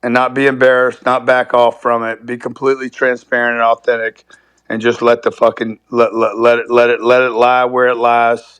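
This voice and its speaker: Man, guest caller, forceful and profane debater, dry close sound. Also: mid-range voice, completely flat delivery, normal speed, clean tone, no room sound. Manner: emphatic, profane, repeats himself for stress. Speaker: guest on a live talk show. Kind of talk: heated casual debate. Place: remote call from a resort.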